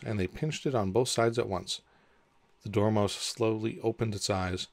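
A man reads a storybook aloud in a measured, plain way. His voice is low and gravelly, and the recording is close and dry. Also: fairly even intonation, no room sound. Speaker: audiobook narrator. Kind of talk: scripted storybook narration.

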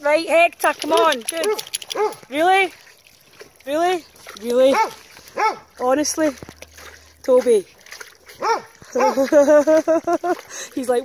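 A woman's voice: sits high, drawn-out words, pauses often. A woman filming a walk, exclaiming and teasing as she talks to the dogs around her. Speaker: professional dog walker. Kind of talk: chatty outdoor vlog talking to dogs. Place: muddy countryside outdoors. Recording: outdoor noise with barking dogs. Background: dogs barking.

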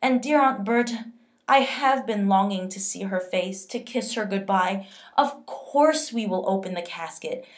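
A poised, clever mother facing down a soldier, as a woman reads her aloud from a novel. She speaks in a measured, unhurried way. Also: medium pitch, pitched above the performer's own voice, natural voice. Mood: falsely bright. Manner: calm, then falsely eager and chatty. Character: calm, quick-witted mother.

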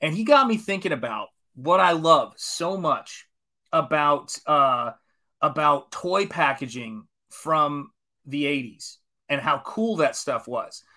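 A man's voice: on the high side, animated, slow pace, pushed and bright. A man in his forties, an artist chatting casually on a live stream while painting, enthusiastic and rambling as he greets viewers. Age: 40s.

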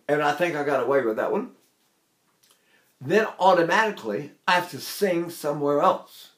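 An older man from Texas teaches singing technique in a lively, chatty way, slipping in asides and little chuckles. His speaking voice sits fairly high for a man. The room around him rings with a noticeable echo. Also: normal speed. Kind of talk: vocal technique lesson with spoken demonstrations. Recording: roomy echo.

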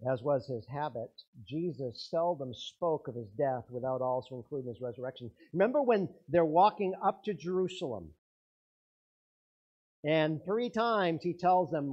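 A man's voice: on the high side, lively intonation, normal speed, husky, dull audio. A man preaching a sermon as pastor, earnest, his intensity rising and falling.

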